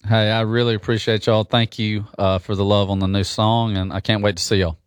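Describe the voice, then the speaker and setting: A man talking casually as a guest musician on a radio show, relaxed and rambling with restarts. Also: lowish voice, a little fast.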